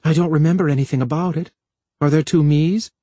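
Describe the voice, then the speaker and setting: A man's voice: fairly high pitch, fairly even intonation, fairly quick, dark tone, slightly rough, dry recording, voice pushed up. A man reading aloud voices a young, helpless-sounding woman with a slight lisp and a breathless, anxious way of asking questions. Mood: frightened.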